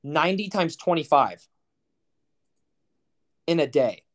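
A man's voice: a little high, lively intonation, slow. A young man co-hosting a podcast, telling stories in a rambling, profane, incredulous way. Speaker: podcast co-host. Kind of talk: casual chat.

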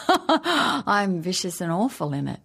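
Chatty, laughing actress guest. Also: female voice, medium pitch, very animated, takes it slowly, vocal fry, loud music behind the voice. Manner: chatty, laughing, self-mocking. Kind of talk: interview chat.

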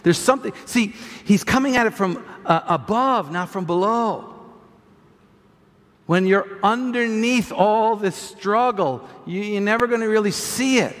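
A man preaching a sermon as pastor, animated, restarting phrases and repeating words as he talks. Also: high voice, measured pace. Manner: animated preaching, acts out voices of doubters. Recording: long hall reverb.

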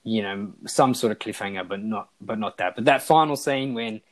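A man's voice: fairly low pitch, normal speed, rough recording. Rambling man chatting about TV. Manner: rambling, enthusiastic, many fillers and restarts. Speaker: podcast co-host. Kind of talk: casual chat reviewing a TV show.

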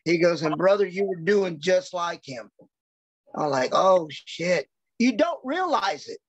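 A man's voice: sits high, animated, unhurried, husky, no echo. Brief: male wrestler, rambling anecdotal storyteller, salty language, dry, muffled podcast sound. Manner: rambling anecdotes, acts out quoted dialogue, swears freely. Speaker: professional wrestler.

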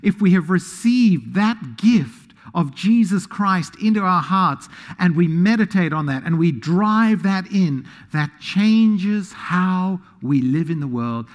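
A man preaching a sermon as pastor, animated and self-deprecating, moving into a quiet prayer. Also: high voice, takes it slowly, few pauses. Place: church sanctuary. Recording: long hall reverb.

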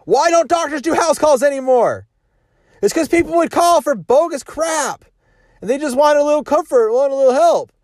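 A man's voice: very high-pitched, animated, normal speed, darkish tone, no echo, studio quality. A man talking casually as a sales coach, rambling with restarts and rhetorical questions.

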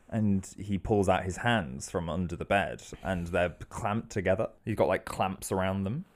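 A man co-hosting a comedy podcast, riffing on an improvised story with dry, deadpan interjections. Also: deep voice, normal speed, hardly any pauses. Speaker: podcast co-host.

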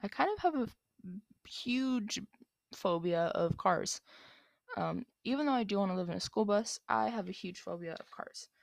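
A woman's voice: mid-range voice, lively intonation, normal speed, gravelly, no room sound, clean studio sound. A young woman answering viewer questions in a casual vlog, rambling with lots of ums and likes.

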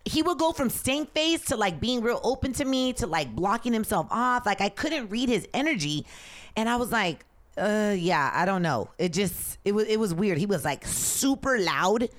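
Loud, lively woman telling a story. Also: mid-range voice, normal speed. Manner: lively storytelling, acts out others' lines; says she is loud. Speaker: podcast co-host. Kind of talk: casual chat.

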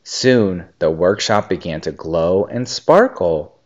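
A man reading a children's story aloud and chatting with his child, a gentle, animated storyteller. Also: sits low, slow. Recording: dull lo-fi recording.

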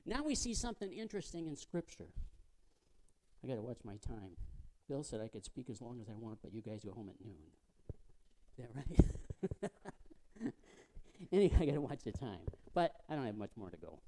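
A man preaching a sermon as a guest speaker. He tells the story vividly, asks the congregation questions and drops to a hush to make his points. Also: on the low side, sing-song, a little fast.

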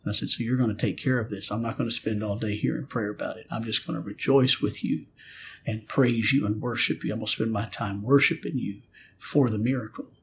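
A man's voice: on the low side, fairly even intonation, fairly quick, creaky, a little hiss or hum. A middle-aged man, a pastor, telling a personal story in an earnest preaching manner and acting out his prayers and God's replies. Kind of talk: storytelling in a spiritual conversation.

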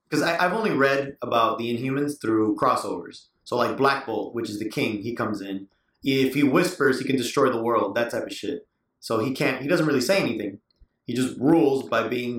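A man's voice: medium pitch, fairly bright tone, recorded from a distance. Give me a rambling man on a casual podcast, recorded off-mic in an echoey room. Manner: rambling, quick to jump in with examples. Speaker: podcast co-host. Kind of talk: casual chat.

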